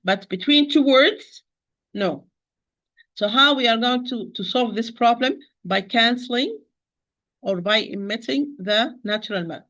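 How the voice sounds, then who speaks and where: A woman's voice: on the high side, expressive, a little slow, a bit bright. A woman teaching Quran recitation, who works methodically through each sound, demonstrating syllables one at a time and patiently correcting common mistakes. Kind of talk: tajweed pronunciation lesson.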